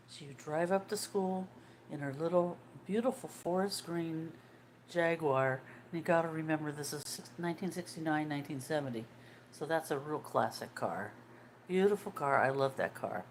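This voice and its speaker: Older woman in her sixties, low voice, casual livestream host who chats with viewers as she goes; faint room hum behind. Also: moderate pace. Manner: chatty, greets and answers viewers' comments as she goes.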